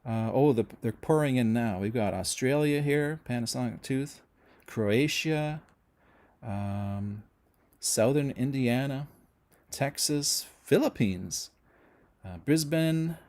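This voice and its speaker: Middle-aged canadian guy doing a chill livestream chat, rambly and friendly, lots of ums, average pitch voice. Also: slow pace, a little mellow. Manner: chatty, friendly, rambling with many fillers and restarts. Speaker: host of a music channel livestream. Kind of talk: casual livestream chat reading viewer comments.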